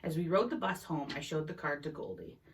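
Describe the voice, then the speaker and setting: A woman's voice: deep voice, fairly quick, a little hiss or hum. A woman reading a novel chapter aloud in an unpolished way, with small slips and restarts. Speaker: reader. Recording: voice a bit distant from the mic.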